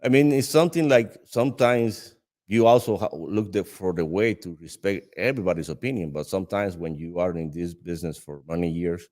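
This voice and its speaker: A man from the Dominican Republic with a Dominican Spanish accent, a native Spanish speaker in the cigar trade. He tells an anecdote in casual conversation in a lively way, laughing often and restarting his sentences. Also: low voice, brisk. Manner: animated storyteller with frequent laughter and restarts. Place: cigar lounge.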